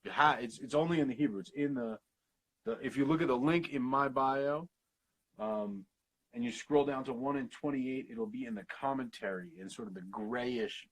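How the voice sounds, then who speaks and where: Man, husky voice, casual scripture teacher, video call, sounds out Hebrew slowly. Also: mid-range voice, fairly bright tone, low-quality recording. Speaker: Bible study host.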